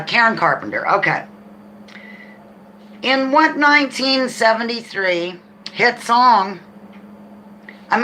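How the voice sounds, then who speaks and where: A middle-aged woman hosting a live trivia game, reading questions slowly and chatting and laughing with viewers. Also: mid-range voice, bright, forceful tone, slight background noise.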